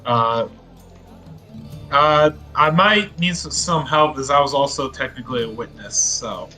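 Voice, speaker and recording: A man playing a tabletop game, answering in character with hesitant, quiet replies. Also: mid-range voice, unhurried, faint music behind. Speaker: player. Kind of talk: casual tabletop role-play.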